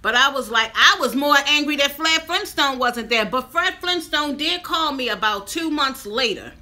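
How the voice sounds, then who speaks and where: A woman's voice: high-pitched, expressive, normal speed, pushed and bright. A woman in her fifties telling a personal story to her viewers in a chatty vlog. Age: 50s. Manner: chatty, addresses viewers directly. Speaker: vlogger.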